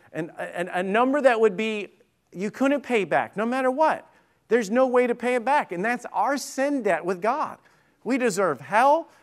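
Male pastor, high-pitched, chatty preaching with restarts and questions to the pews. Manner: conversational preaching with frequent restarts and questions to the congregation. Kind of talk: sermon. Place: church sanctuary.

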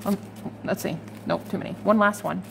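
A woman's voice: mid-range voice, steady tone, brisk, gravelly, background noise. A woman giving a casual, chatty tarot reading to her viewers, swearing freely and laughing now and then. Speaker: tarot reader.

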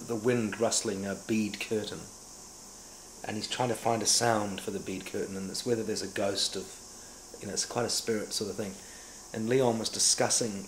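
A middle-aged man with a New Zealand accent, an actor and director telling lively anecdotes about his career in an interview. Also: fairly low pitch, slight background noise. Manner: animated storyteller who acts out remembered dialogue. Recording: echoey room with faint ambience.

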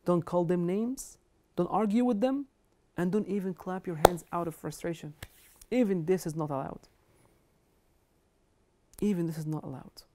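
Woman, religious lecture, emphatic, lowish voice, mellow tone. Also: moderate pace, long pauses, slight background noise. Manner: earnest, emphatic, quotes Arabic scripture and scholars. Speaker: Islamic lecturer. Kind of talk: religious lecture on kindness to parents.

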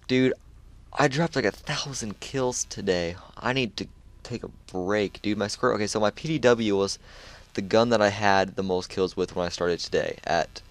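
A man chatting casually over his own gameplay, laid-back and loose, full of dude and like. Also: lowish voice. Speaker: gamer sharing a match.

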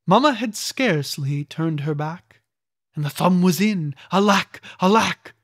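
A reader narrates old rhyming children's tales with a theatrical touch, swooping up for exclamations and dropping low for grim endings. The pace is slow and unhurried at a middle pitch. The recording is dry and close, with no room echo. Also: animated. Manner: deliberate, theatrical reading with voiced characters. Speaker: audiobook reader. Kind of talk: storybook verse narration.

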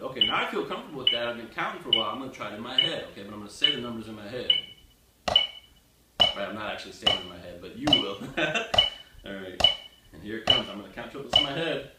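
Man, drum teacher, chanting counts, joking, roomy echo, distant mic, loud clatter behind. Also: mid-range voice, expressive, brisk, long pauses, very noisy. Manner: chanting counts and rhythm words aloud. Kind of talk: casual music lesson.

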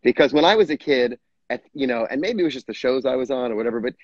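A man's voice: mid-range voice, animated, fast, no room sound, highs cut off. A middle-aged man, a guest actor, telling stories in a casual interview with frequent laughs and restarts. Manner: chatty storyteller, laughs often, frequent restarts. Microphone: video call.

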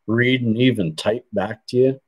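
A man's voice: mid-range voice, normal speed, low-quality recording. A man hosting a livestream, chatting casually with viewers and reading their comments in a rambling, meandering way. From Canada. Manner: rambling, chatty, trails off mid-sentence. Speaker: livestream host. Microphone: computer desk setup.

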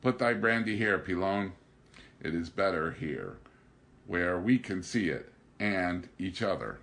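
A man's voice: lively intonation, unhurried, vocal fry, heavily acted. A man voicing an exuberant, scheming young male drifter in a theatrical, raised voice. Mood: coaxing. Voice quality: theatrical, high and loud.

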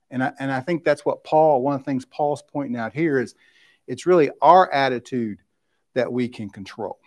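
A middle-aged man from West Tennessee teaches a conversational Bible study, often asking "right?" and restarting his sentences. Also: mid-range voice. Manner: informal, keeps asking "right?", restarts and checks in with the class. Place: church classroom.

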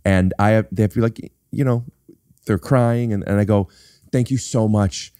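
A man's voice: fairly low pitch, steady tone, normal speed, dark tone, smooth, no echo. A man hosting a podcast, explaining things in a playful, mock-serious way into a studio mic. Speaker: podcast host and actor. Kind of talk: casual podcast chat.

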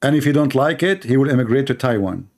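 Brief: sarcastic commentator, a man with an Arabic accent, middle pitch, broken grammar, mocking delivery, repeats words. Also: lively intonation, fast talker, a little mellow. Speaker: Christian apologist commentator. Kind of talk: mocking monologue.

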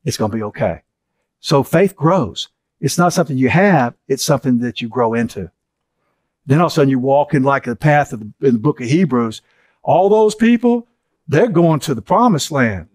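A man's voice: mid-range voice, lively intonation, moderate pace, darkish tone, no room sound. A middle-aged man giving an earnest teaching session, repeating key phrases for emphasis.

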